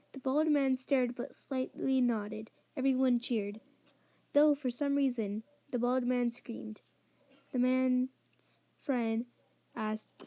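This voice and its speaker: Female audiobook narrator, mellow and fairly high, gentle careful reading. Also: steady tone, takes it slowly, dry recording. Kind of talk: audiobook reading of a short story.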